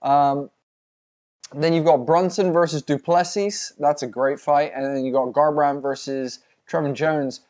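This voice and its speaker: A man's voice: fairly high pitch, fairly even intonation, measured pace, a little mellow. A man co-hosting a live fight watch-along, swearing, bantering and reading out chat messages. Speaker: livestream co-host.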